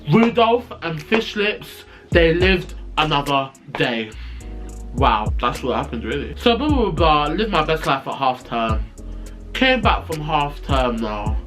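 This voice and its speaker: A man telling a storytime vlog, animated, sassy and profane. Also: on the high side. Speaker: vlogger.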